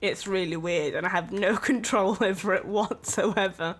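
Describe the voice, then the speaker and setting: A streamer from England talks in a loose, rambling way, with plenty of filler words and little laughs. The voice sits at a middle pitch. Quiet game music plays faintly underneath. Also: normal speed. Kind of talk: casual stream chat.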